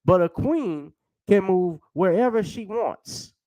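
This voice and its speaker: A man's voice: high-pitched, animated, slow, dark tone, poor audio. A man hosting a casual commentary stream, rambling conversationally and addressing viewers by name. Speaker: host.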